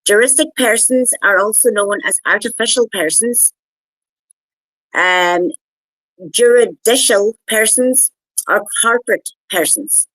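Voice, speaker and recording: A woman on a podcast reading out definitions in a steady, list-like way. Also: fairly high pitch, measured pace, no echo, low-quality recording. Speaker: podcast guest giving definitions.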